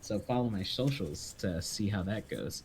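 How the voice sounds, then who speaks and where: A man's voice: fairly low pitch, lively intonation, moderate pace, a little hiss or hum. A man who is a game master and voice actor, chatting enthusiastically and rambling through his plugs on a stream. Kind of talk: casual stream chat.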